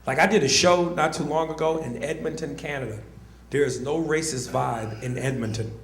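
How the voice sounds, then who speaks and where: A man performing a live stand-up comedy routine, loud and animated, shouting his punchlines and slipping into silly voices. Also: on the high side, moderate pace. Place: comedy club stage. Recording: roomy live venue with audience noise. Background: audience laughter.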